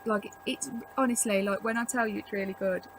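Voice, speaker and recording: A woman's voice: mid-range voice, steady tone, fairly quick, noisy background. A young woman chatting casually to camera at home, rambling with lots of "like" as she gives tips. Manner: rambling, chatty, filler-heavy with frequent "like". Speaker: vlogger. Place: at home indoors.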